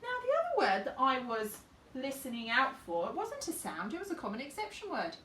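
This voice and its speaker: A woman teacher takes young children through a phonics lesson, sounding out every phoneme and thinking aloud as she goes. Her voice is bright and very lively in pitch. It is captured from some distance in a roomy space with a faint hum behind it. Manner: slow and deliberate, sounding out each phoneme, talking herself through it. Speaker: infant school teacher.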